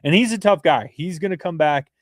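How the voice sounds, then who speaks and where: A man co-hosting a sports podcast, talking through basketball analysis in an earnest, fast-flowing way with frequent restarts. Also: fairly high pitch, lively intonation, no echo, studio quality. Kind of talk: casual sports talk.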